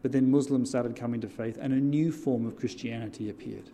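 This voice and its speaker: Animated man preaching a story. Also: mid-range voice, a little fast, a little hiss or hum. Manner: animated, call-and-response with audience. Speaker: church deacon. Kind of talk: sermon storytelling.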